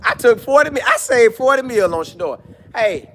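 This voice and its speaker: A man's voice: extremely high pitch, normal speed, slight background noise. A man chatting casually on a live stream, reading comments and riffing with jokes and repeated lines. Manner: animated, jokey, repeats lines, mock voices.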